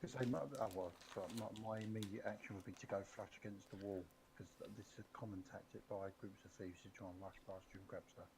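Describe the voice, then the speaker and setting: A man's voice: lowish voice, steady tone, quick pace, hardly any pauses, noisy background. A man playing a tabletop game, planning his character's moves aloud and thinking through tactics. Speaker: player. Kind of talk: casual tabletop play.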